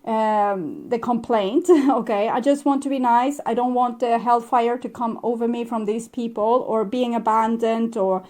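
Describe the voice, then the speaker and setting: A woman with as a giving a casual spoken tarot reading, gentle and reflective, with soft laughs and hesitations. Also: fairly high pitch, steady tone, moderate pace, hardly any pauses. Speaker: tarot reader.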